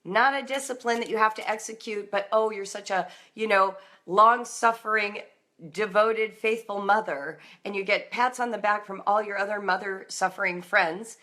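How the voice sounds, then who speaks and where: A middle-aged woman hosting a live stream for homeschooling parents, chatty and animated, who acts out little scenes in a playful voice. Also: mid-range voice, moderate pace. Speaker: homeschool writing coach and show host. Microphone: phone or webcam on a social media live stream.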